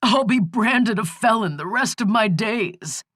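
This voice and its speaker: A desperate young man in a jail visiting room, put on by a woman narrator, his voice quavering and near panic. The audiobook voice climbs high above the narration and drags its words out slowly. It sounds dry and close, with no room around it. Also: expressive, a bit bright, dry recording. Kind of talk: audiobook character voice.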